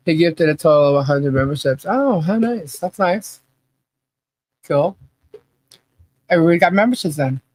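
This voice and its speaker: A woman hosting a live podcast stream and reading the chat, chatty and halting, laughing often. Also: on the low side, lively intonation, a little mellow, no room sound, low-quality recording.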